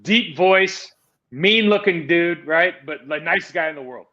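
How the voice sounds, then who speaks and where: Bright, forceful man telling stories. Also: fairly high pitch, unhurried, highs cut off. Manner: loose storyteller, slangy, says "dude" and "right?". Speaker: co-host, former pro football player. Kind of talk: casual podcast chat.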